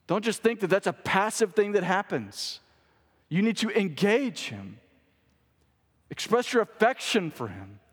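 A man's voice: high voice, very animated, a little slow, breathy edge. Earnest preacher man in a reverberant hall. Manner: earnest preaching that repeats key phrases and swings between urgent and hushed delivery. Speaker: pastor. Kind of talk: sermon. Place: church sanctuary.

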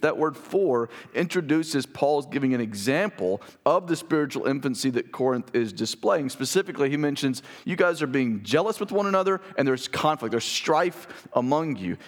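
A man in his thirties giving a conversational sermon as pastor, emphatic and animated with joking asides. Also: mid-range voice.

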